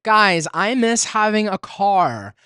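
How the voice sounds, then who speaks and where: A man's voice: sits high, big pitch swings, slow pace, sharp tone, clean tone, no echo, clean studio sound. Chatty young man hosting solo podcast. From Texas. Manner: chatty and self-deprecating, with sudden squeals and laughs. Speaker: podcast host.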